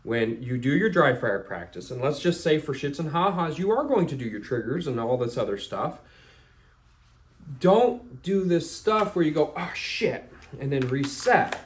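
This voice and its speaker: A man's voice: a little high, big pitch swings, normal speed. Blunt, casual male firearms instructor. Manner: blunt, profane, acts out scenarios.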